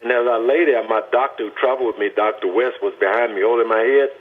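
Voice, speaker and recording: An older man from Texas speaks earnestly and deliberately, leaning hard on his words as he tells his testimony. His voice is husky and of middling pitch. The sound comes through a thin, tinny phone line. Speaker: guest. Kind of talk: personal testimony storytelling.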